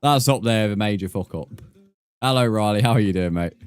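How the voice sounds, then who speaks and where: Brisk and low-voiced, a young man streams a building game and banters casually with viewers, dropping swear words and calling them all mate. The recording carries a little hiss or hum plus faint background music.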